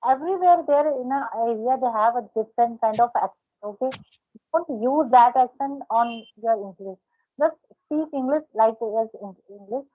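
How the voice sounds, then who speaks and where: A fairly high-voiced woman coaching a learner over an online call, often repeating words as she works through how they should sound. The audio is narrow and tinny, like a phone line. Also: moderate pace. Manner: repeats words while correcting pronunciation. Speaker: host, English speaking coach. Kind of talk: casual practice conversation.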